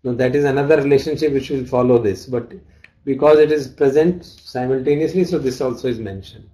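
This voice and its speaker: Guy teaching a dharma class, mellow voice, reads a line then explains it. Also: mid-range voice, rough recording. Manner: explains slowly, reading and glossing Pali terms. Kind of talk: study-class lecture.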